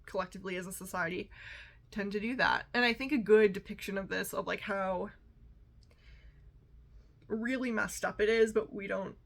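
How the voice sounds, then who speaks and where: A woman's voice: medium pitch, steady tone, normal speed, gravelly, pauses often. A woman hosting her own podcast in a casual solo chat, rambling and sassy with lots of fillers, amped up on coffee. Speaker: podcast host.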